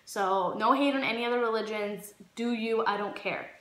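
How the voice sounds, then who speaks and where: A young woman in her twenties telling a casual story-time vlog, animated and acting out the quotes. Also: on the high side, moderate pace. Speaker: vlogger. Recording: echoey room with faint music.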